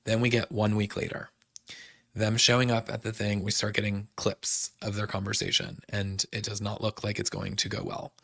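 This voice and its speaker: A man's voice: fairly low pitch, flat delivery, moderate pace, creaky, fairly bright tone, breathy edge, dry recording, clean studio sound. A young man hosting a podcast, chatting casually with lots of fillers as he recaps shows. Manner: chatty, fillers like "like" and "um", quotes people. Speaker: podcast host.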